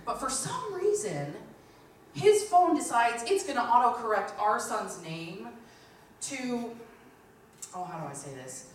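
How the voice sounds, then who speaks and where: A woman in her thirties performs live stand-up on a lounge stage, telling chatty stories and acting out what people said. Her voice is a little high, very animated and a little slow, with frequent pauses. The distant mic picks up a very echoey room and slight hiss or hum.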